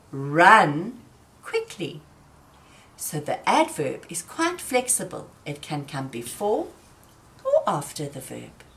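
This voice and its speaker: A woman teaching young children in a gentle, patient way, often asking them questions. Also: medium pitch. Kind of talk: slow children's lesson.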